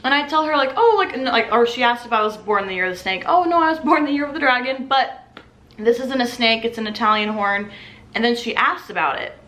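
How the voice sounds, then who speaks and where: A restaurant server in her twenties tells a story casually and with lots of energy, imitating her customers' voices. Her voice sits on the higher side, she talks fairly quickly, and the sound is reverberant.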